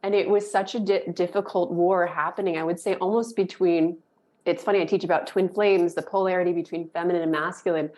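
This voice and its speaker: A woman telling a personal story as a podcast guest, animated and emotional, rambling and jumping into dramatic quoted voices. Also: fairly low pitch, brisk. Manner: emotional and effusive. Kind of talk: casual interview storytelling.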